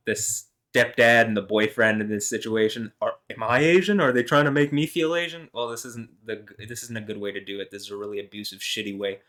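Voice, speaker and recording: A man's voice: lowish voice, a bit bright. A man vlogging alone, talking in a meandering, heated way with lots of fillers and some swearing. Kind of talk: rambling solo monologue.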